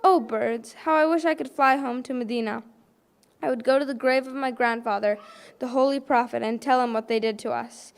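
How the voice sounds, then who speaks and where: A woman's voice: on the high side, steady tone, fairly quick, vocal fry, clear, resonant tone. A woman voicing a grieving orphaned little girl held in prison, reciting an elegy poem in a lamenting way. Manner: lamenting, repeated plaintive calls.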